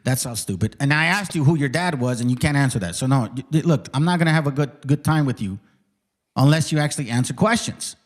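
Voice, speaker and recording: A man's voice: mid-range voice, lively intonation, quick pace. A man hosting a live online debate, combative and profane, who interrupts constantly and repeats himself. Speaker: host of a live debate stream.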